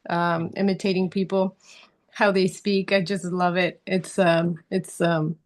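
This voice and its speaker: A woman actress answering interview questions, earnest and halting as she searches for words, laughing easily. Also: lowish voice, level tone. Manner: earnest, speaks of passion and spirituality. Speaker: actress guest.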